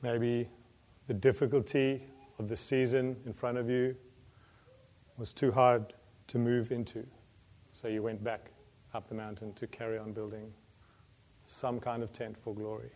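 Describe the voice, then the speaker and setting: A man preaching a sermon in an earnest manner, building to emphatic peaks and then dropping his voice low. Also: flat delivery, unhurried, pauses often, a little mellow.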